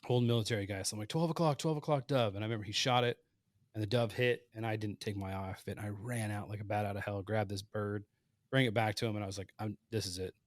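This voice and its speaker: A man in his late thirties telling hunting stories casually on a podcast, animated and acting out the voices he quotes. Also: fairly low pitch, fast talker, no room sound. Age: 30s. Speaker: podcast guest, hunter. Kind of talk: casual storytelling.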